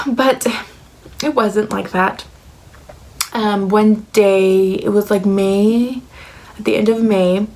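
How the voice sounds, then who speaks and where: A woman's voice: mid-range voice, rough recording. A young woman in her twenties giving a personal life update, talking emotionally with lots of "like" and "um". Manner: emotional, heavy filler words like "like" and "um". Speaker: vlogger.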